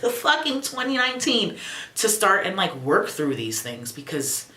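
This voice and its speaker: A young adult woman vlogging casually at home, expressive, profane and sassy. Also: mid-range voice, moderate pace, reverberant. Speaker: YouTuber. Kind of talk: casual reflective vlog.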